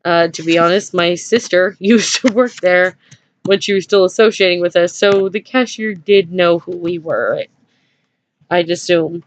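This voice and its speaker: A woman's voice: lowish voice, unhurried, slight background noise. A woman telling a personal story in a casual vlog, hesitant, with many fillers and small nervous laughs. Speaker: vlogger. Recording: dry dull lo-fi home recording.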